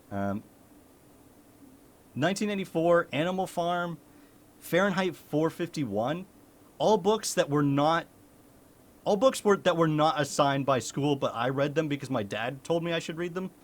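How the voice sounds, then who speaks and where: A man's voice: a little high, lively intonation, measured pace, pauses often. A young man from the United States, a streamer chatting casually with his chat, laughing often and swearing.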